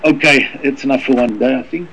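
A man teaching a Torah lesson, talking quickly with many halting repeats and reading Hebrew passages fast. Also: mid-range voice, vocal fry. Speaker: rabbi teaching a Torah class. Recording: dull lo-fi recording with faint noise.

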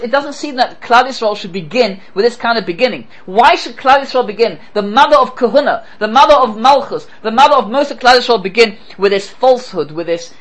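High-voiced guy giving a torah lecture, lots of rhetorical questions. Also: poor audio. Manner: animated, rhetorical questions, quotes Hebrew then translates. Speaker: Torah teacher. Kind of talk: lecture on scripture.

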